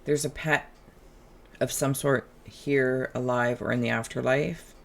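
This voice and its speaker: A tarot reader hosting a relaxed, channeled reading, who talks in a musing, chatty way and drifts into humming and asides. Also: mid-range voice, measured pace, gravelly.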